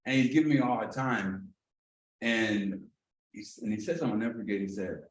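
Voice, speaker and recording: During a training session, an executive director shares a personal anecdote with animated energy, voicing the other characters' lines and frequently dropping "you know what I'm saying." His voice runs on the low side and a little fast. Faint noise and a roomy echo come through the far-off mic.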